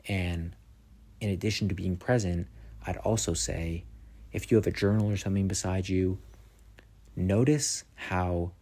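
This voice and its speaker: Gravelly deep-voiced man giving calm advice. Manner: slow, repetitive guiding instructions. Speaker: podcast host. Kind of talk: calm self-help monologue.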